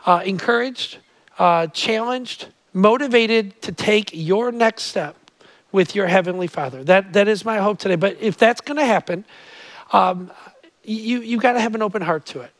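A man preaching a sermon to a live church crowd, lively and stammering through restarts, then quiet and earnest when he prays. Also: sits high, moderate pace, dry recording, poor audio. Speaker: pastor. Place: church auditorium with live audience.

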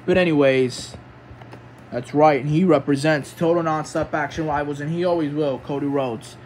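Excitable high-voiced male commentator. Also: moderate pace, a little hiss or hum. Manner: excitable, loud gasps and exclamations at action; jokey, sarcastic asides between moves. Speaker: play-by-play commentator. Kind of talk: wrestling video game commentary.

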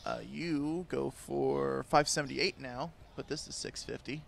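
A young man giving casual, sarcastic gameplay commentary, swearing a lot and yelling at the customers in the game. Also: medium pitch, fairly even intonation, measured pace, gravelly, a little hiss or hum. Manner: jumps between mutters and loud outbursts. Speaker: gaming video creator.

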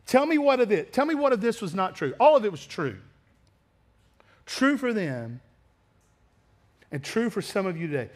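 Blunt high-voiced male preacher. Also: very animated, normal speed, long pauses. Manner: blunt, confrontational preaching that drops to quiet asides. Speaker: pastor. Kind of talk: sermon. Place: church sanctuary.

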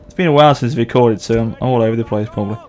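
A man's voice: medium pitch, racing, darkish tone. A man in his thirties hosting a casual, jokey multiplayer game session, laughing often. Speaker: gaming channel host. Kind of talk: casual multiplayer gameplay chat.

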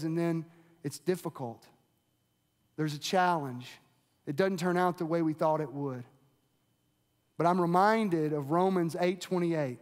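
A man's voice: sits high, a little mellow. A man preaching an earnest, conversational sermon as pastor, often repeating himself as he speaks. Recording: long hall reverb.

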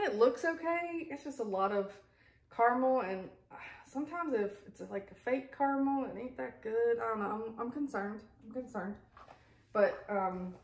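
A woman's voice: a little high, echoey room. A woman chatting casually at home as a vlogger, rambling with frequent asides and laughs. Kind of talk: casual unboxing chat. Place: home kitchen table with pets around.

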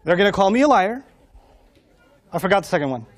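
A middle-aged man giving a humorous storytelling talk to an audience, animated and jokey, acting out quotes and voices. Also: high-pitched, fast talker, a faint crowd. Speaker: Islamic speaker.

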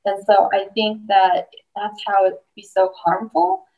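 A woman on a panel talks in a thoughtful, measured way with a gravelly, creaky voice. She sits away from the microphone. The audio sounds dull and muffled. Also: medium pitch, lively intonation, distant mic. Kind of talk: panel discussion.

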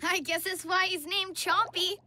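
A woman's voice: very high voice, steady tone, normal speed. A woman voicing a brave, curious young boy, the eager and upbeat lead, with music behind him. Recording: cartoon soundtrack with music.

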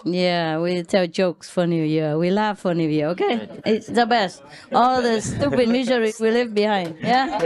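A woman's voice: mid-range voice, slow, long pauses, crowd noise. Laughing woman teacher telling jokes. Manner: playful, laughing storyteller. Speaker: spiritual teacher. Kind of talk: informal talk to disciples.

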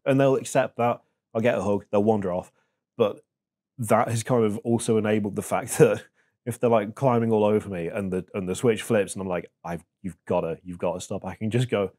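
A man in his thirties, a podcast guest talking in a reflective, halting way with many fillers. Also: fairly low pitch, warm tone. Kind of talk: casual chat.

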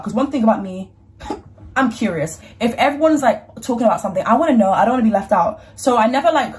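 A woman's voice: on the high side, big pitch swings, fast, darkish tone. A young woman vlogging in a chatty, slangy, frank way. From United Kingdom. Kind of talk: casual chat.

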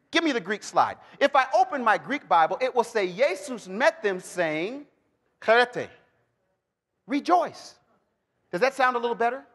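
A man teaching the Bible to a live audience, animated and joking, calling for responses and bursting into shouts. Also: very high-pitched. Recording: long hall reverb.

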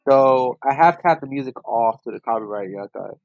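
A young man giving casual, profane, excitable commentary while playing a racing game. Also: mid-range voice, a little fast, vocal fry, no echo, dull audio. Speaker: gaming channel host.

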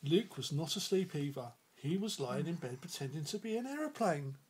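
A man reading a picture book aloud to his child at home in a gentle, animated way. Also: fairly high pitch, moderate pace, slightly rough.

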